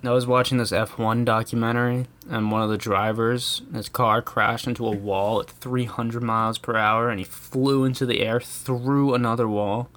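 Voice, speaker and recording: A man's voice: medium pitch, level tone, moderate pace, hardly any pauses, a bit bright. An American man ranting casually in a rambling, profane way, chuckling often. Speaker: vlogger. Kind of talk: casual comedic rant.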